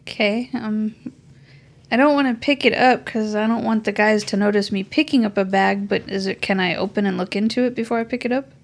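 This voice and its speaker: A woman's voice: mid-range voice, fairly even intonation, fairly quick, creaky. A woman playing a tabletop game, tentative and asking the game master many questions. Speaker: player. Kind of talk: casual chat in a tabletop game.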